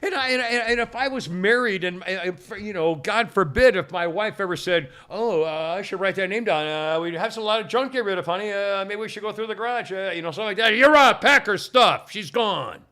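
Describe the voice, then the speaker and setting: A middle-aged man with a slightly higher-pitched voice, hosting a podcast in a loose, chatty way. He rambles, stops and restarts himself, and laughs often as he tells his stories. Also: fast talker, hardly any pauses, fairly bright tone, clear, resonant tone. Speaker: podcast host. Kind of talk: casual rambling chat.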